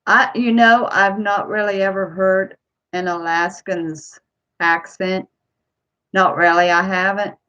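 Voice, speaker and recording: A woman's voice: medium pitch, flat delivery, takes it slowly, sharp tone, dull audio. A woman from Ohio with a Kentucky accent, chatting to camera in a rambling way as a vlogger. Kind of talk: casual chat to camera.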